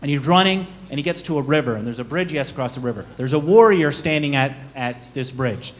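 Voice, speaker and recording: A man on a conference panel telling a parable in a lively storytelling manner. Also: mid-range voice, fast.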